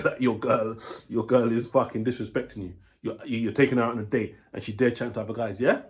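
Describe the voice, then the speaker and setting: A man's voice: medium pitch, darkish tone. A man with a British accent, giving blunt dating advice in a casual monologue, swearing freely and checking in with his listener.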